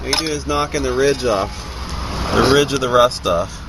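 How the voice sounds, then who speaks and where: In a noisy outdoor clip, a DIY mechanic stands by a truck away from the house and shows how to check its front end. His voice is medium-pitched at a normal speed, and he rambles in a relaxed way, um-ing and uh-ing as he works.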